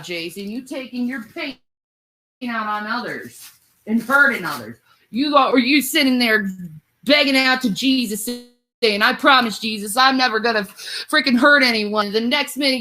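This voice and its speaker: A woman's voice: on the high side, lively intonation, moderate pace, bright, forceful tone. A woman ranting angrily at her husband, profane and bitter. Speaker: livestreamer. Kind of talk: angry rant.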